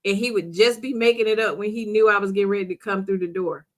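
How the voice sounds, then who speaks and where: A woman's voice: mid-range voice, fairly even intonation, fast. A middle-aged woman hosting a live stream, chatting casually with viewers and laughing often. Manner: chatty, laughs often, talks straight to viewers as "girl" and "sis". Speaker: live-stream host reading viewer comments. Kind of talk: casual chat.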